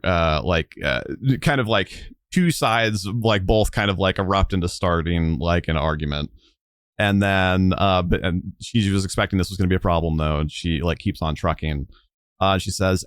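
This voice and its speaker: A man with a very low voice narrates a tabletop game as game master. He rambles, full of "uh" and "like." The sound is dry and close. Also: moderate pace, smooth, no room sound. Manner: rambling, many fillers like "uh" and "like".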